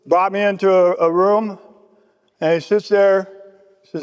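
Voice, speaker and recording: A man's voice: high voice, level tone, measured pace, clear, resonant tone, in a large hall. A man giving a casual personal testimony at a recovery meeting, acting out the voices of people he quotes.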